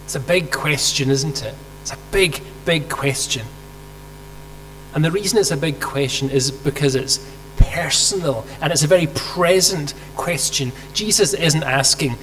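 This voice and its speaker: A man's voice: fairly high pitch, normal speed, fairly bright tone. Man preaching in a reverberant hall. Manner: storytelling, rhetorical questions, voices quoted lines. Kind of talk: sermon. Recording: hall reverb with faint mains hum.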